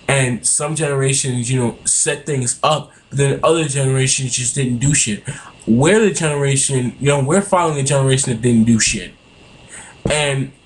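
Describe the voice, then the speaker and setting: A man's voice: mid-range voice, a little hiss or hum. A young man in a heated, profane political rant, recorded on a webcam at home. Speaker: vlogger. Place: home room.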